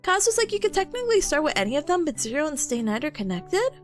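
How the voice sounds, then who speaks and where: A woman's voice: sits high, sing-song, fast, soft background music. A young woman VTuber chatting casually with her stream chat, bubbly and giggly, rambling between topics.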